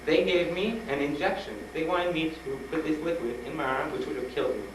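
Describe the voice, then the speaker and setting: A man speaking to students, telling a personal story with animated retellings and frank urging. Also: fairly high pitch, a little fast. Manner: animated, acts out dialogue, laughs often. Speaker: guest speaker at a school. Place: school hall with an audience. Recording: roomy old tape from a distant mic, noisy.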